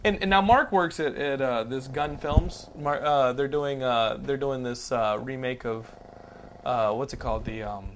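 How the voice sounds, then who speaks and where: A man hosting a podcast, telling stories in a casual, animated way with lots of restarts and "like"s. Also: medium pitch, measured pace, a little hiss or hum. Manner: animated storyteller, many "like"s and restarts. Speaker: podcast host. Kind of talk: casual chat, anecdote-telling.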